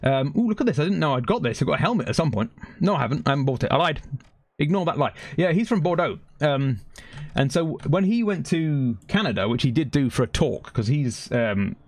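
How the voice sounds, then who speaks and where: A man's voice: fairly high pitch, big pitch swings, a little fast, dry recording. A man streaming a game, chatting casually and rambling, swearing freely, laughing often and yelping when the action heats up. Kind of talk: casual chat while gaming.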